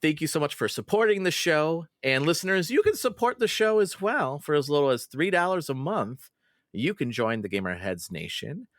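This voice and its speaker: A man's voice: medium pitch, a bit bright, dry recording, studio quality. A man hosting a gaming podcast in casual chat, laughing easily and stumbling over his words now and then. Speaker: podcast host.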